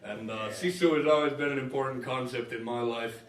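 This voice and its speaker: Between songs at a live library concert, a musician and performer from Minnesota, USA chats, rambling and joking with filler hesitations. His voice is mid-range and brisk, picked up by a distant mic in a roomy hall.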